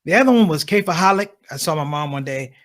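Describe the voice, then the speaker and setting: Male stand-up comedian, middle-aged, high-pitched, very lively delivery, acts out family voices. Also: quick pace. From United States.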